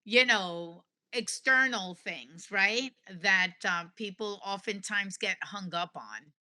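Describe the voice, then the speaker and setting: A woman's voice: medium pitch, takes it slowly, pushed and bright. A woman hosting a podcast who affirms and sums up her guest's points in conversation. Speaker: podcast host. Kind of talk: conversational interview.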